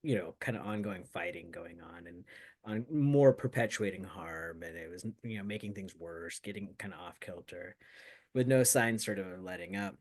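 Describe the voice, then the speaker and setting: Speaking at a moderate pace in a deep, slightly rough voice, an American man co-hosts a Buddhist talk show. He reflects on his meditation practice in a loose, rambling, casual chat packed with fillers.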